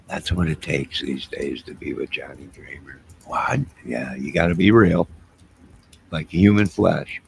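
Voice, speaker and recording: Speaking into a desk mic with headphones on, a man defensively addresses his live chat late at night in a loose ramble. His extremely low, gravelly voice moves slowly with frequent pauses, and there's slight background noise.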